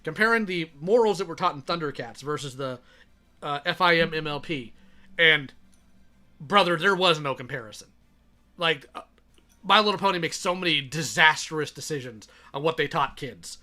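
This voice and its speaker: Man, very bright tense voice, slightly high, sarcastic, exasperated, reading messages and reacting. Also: expressive, moderate pace.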